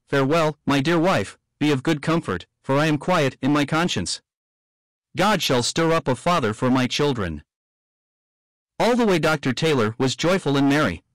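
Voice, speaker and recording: A man's voice: a little high, no echo, low-quality recording. Man reading a martyrs' history aloud. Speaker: audiobook reader. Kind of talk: scripted narration of a historical book.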